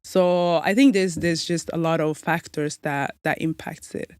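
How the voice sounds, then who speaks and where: A young adult woman from Somalia, raised in Norway, speaking as a podcast guest in a measured, reflective way. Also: deep voice, fairly even intonation, smooth, no echo. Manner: measured and reflective, many soft "mm" replies. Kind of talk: conversational interview.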